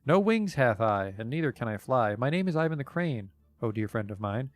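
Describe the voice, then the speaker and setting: A man's voice: medium pitch, big pitch swings, brisk, no room sound, close to an everyday voice. A pale bird-beaked young man squawks and declaims with jealous drama, as a man puts him on. The sound is dry and close, with faint game music underneath. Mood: theatrical. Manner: squawking and poetic.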